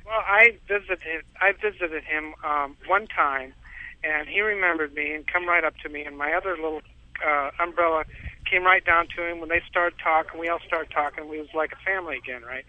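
A man's voice: on the high side, moderate pace. A man calling in to a radio show, telling a long rambling story with frequent chuckles, heard over a tinny phone line. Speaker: caller.

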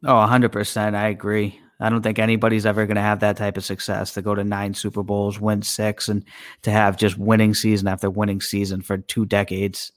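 A man's voice: on the low side, monotone, fairly quick, no echo, clean studio sound. A man co-hosting a casual sports podcast, plain-spoken and agreeable, with some hesitations. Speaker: podcast co-host.

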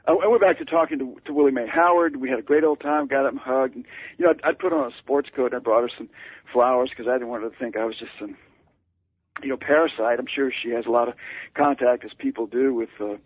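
A man, an author guest on the radio, telling a long anecdote in a halting, stammering, self-deprecating way. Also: mid-range voice, no room sound. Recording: dull lo-fi radio sound.

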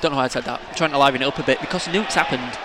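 A man's voice: mid-range voice, racing, over music, crowd noise. A man co-hosting a casual football podcast, joking and teasing his co-host. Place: outdoors at a football stadium. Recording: noisy outdoor stadium recording.

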